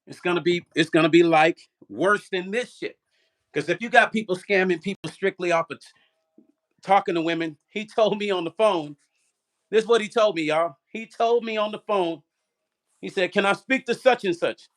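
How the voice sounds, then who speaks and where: An older man hosting a vlog, telling a story straight to his viewers in an animated, profane way. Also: high-pitched, normal speed. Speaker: vlog host. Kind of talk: casual livestream storytelling.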